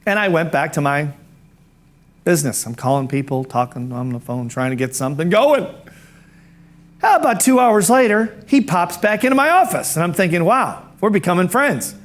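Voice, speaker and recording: A man telling a personal story to an audience in a lively way, putting on other people's voices as he goes and clearing his throat now and then. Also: a little high, normal speed. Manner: animated, acts out cheery quoted voices. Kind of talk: storytelling talk.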